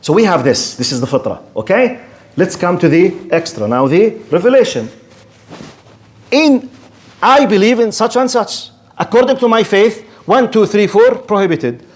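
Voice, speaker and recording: Animated man giving a religious lecture. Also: high voice. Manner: animated and rhetorical, mimics objectors in quick asides. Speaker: Islamic lecturer. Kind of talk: lecture to an audience.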